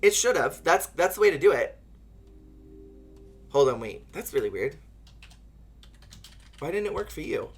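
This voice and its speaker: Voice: mid-range voice, very animated, a little slow, long pauses, slightly rough, faint music behind. A streamer giving playful, giggly commentary on a live game playthrough and chatting with viewers. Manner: playful, giggly, talks to chat.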